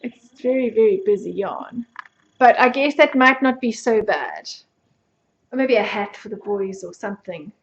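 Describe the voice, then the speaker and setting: A woman's voice: mid-range voice, animated, normal speed, roomy sound, dull audio. A South African woman hosting a podcast, chatting casually and mocking herself with frequent laughter. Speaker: podcast host. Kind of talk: casual chat.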